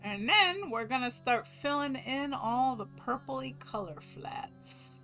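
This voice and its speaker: A woman's voice: high voice, expressive, takes it slowly, vocal fry, pushed and bright, faint music behind. A woman artist chatting casually as she talks through each step of her drawing on a stream. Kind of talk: casual narration while drawing.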